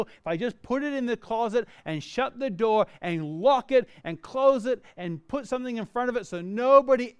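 High-voiced, smooth-toned male pastor preaching. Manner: earnest, dynamic preaching with self-deprecating humor. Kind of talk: sermon.

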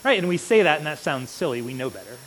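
A man preaching a sermon in an earnest manner, often checking in with the congregation with a quick "right?". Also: on the high side, very animated, fairly bright tone. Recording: long reverb with faint hiss.

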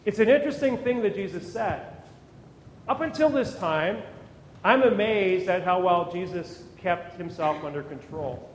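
A man's voice: high voice, a little slow. A man preaching a sermon as pastor, with emphatic rises and words repeated as he builds up. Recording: echoey hall with long reverb.

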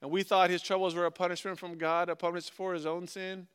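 A man preaching a sermon and reading scripture aloud, earnestly swinging between loud stresses and hushed, slowed phrases. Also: sits high, little pitch movement, smooth. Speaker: pastor.

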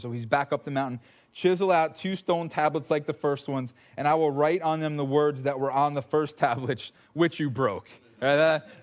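A man preaching a sermon, conversational and animated, acting out the voices he quotes. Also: mid-range voice. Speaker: pastor.

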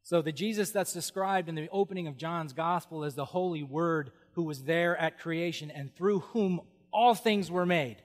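A middle-aged male pastor preaching with lively humor and frequent exclamations of awe. His voice sits a little higher than most men's and rings with the long reverb of a big hall. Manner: animated, humorous, exclaims "whoa". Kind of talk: sermon.

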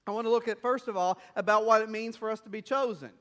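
A missionary pastor preaches a sermon in a high, fairly bright voice with fairly even intonation and a quick pace. He tells stories and poses rhetorical questions to the congregation in a conversational way.

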